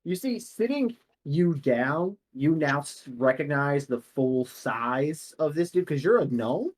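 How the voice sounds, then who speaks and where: A man's voice: a little high, lively intonation, slow pace. A young man narrating casually as game master, with many fillers.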